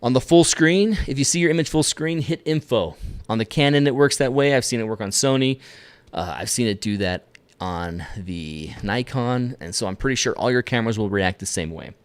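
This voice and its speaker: A man's voice: mid-range voice, moderate pace, smooth. Upbeat male host, mid-range voice, teaching viewers live at the camera. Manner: energetic, talks to viewers directly with self-directed asides. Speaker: photography instructor. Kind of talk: live-stream tutorial. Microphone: camera lens mic, at a desk facing the camera.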